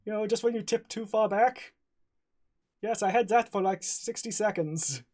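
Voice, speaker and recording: A man running a tabletop game as game master, speaking haltingly with many fillers and frequent laughter. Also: high voice, darkish tone.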